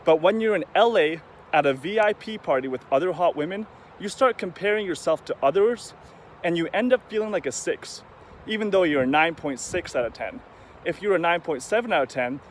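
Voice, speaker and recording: Rambling man vlogging outdoors, raised pitch. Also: a little hiss or hum. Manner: rambling, conversational, acts out quoted voices. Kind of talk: casual monologue to camera.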